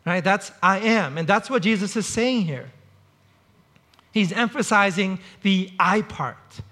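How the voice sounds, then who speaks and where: A man with a high, bright voice preaches to his congregation. He talks in a relaxed, conversational way, slipping into short acted-out quotes to make his points. He sounds middle-aged. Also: measured pace. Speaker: pastor. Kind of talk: sermon.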